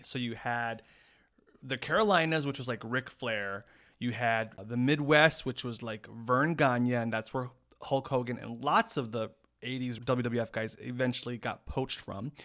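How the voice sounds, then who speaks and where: A man as a guest on an improvised comedy podcast, talking in a rambling, deadpan way. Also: mid-range voice.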